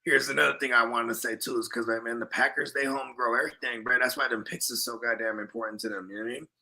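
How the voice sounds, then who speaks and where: A man's voice: mid-range voice, steady tone, fast talker, gravelly, sharp tone. A young man co-hosting a podcast, talking sports in loose, profane, rambling banter. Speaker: podcast co-host. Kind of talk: casual sports chat.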